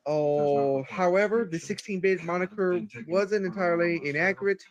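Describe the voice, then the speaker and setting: A streamer reading facts aloud on a casual stream, halting and stumbling over numbers. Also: mid-range voice, lo-fi sound.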